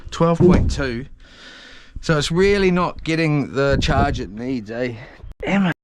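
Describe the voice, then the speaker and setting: A man's voice: medium pitch, slow pace. A man vlogging alone on a houseboat, rambling and muttering to himself through a head-mounted camera. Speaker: solo vlogger. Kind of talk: casual self-talk to camera. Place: on a houseboat at sea, outdoors. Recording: loud engine and water noise.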